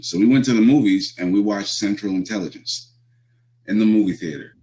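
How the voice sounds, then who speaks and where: A man's voice: deep voice, brisk, darkish tone, a little hiss or hum. A young man telling profane, laid-back road stories as a guest wrestler in a casual chat. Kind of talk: casual storytelling.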